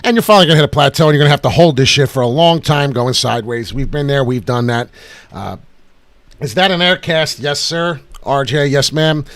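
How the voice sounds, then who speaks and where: A man's voice: mid-range voice, brisk, fairly bright tone, no room sound. A man hosting a casual livestream about crypto markets, boisterous and hyped, swearing freely and breaking into chants.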